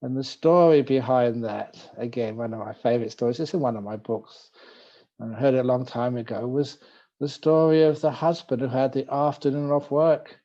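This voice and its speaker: Mellow monk telling a story. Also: male voice, medium pitch, normal speed, muffled recording. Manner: relaxed, gently humorous storyteller. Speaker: Buddhist monk teacher. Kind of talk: dharma talk with storytelling. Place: retreat talk.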